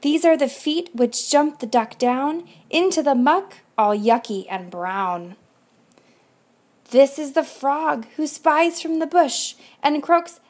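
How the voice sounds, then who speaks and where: A woman with a high voice reads a rhyming picture book aloud to children. She takes it slowly and rhythmically, leaning into each line expressively. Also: lively intonation. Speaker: volunteer reader.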